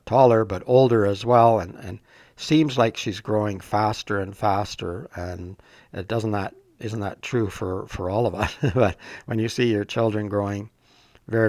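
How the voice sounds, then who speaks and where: A man tutoring, reading and discussing a poem in a thoughtful, gentle way with many filler words, a little congested from a cold. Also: on the low side, no room sound.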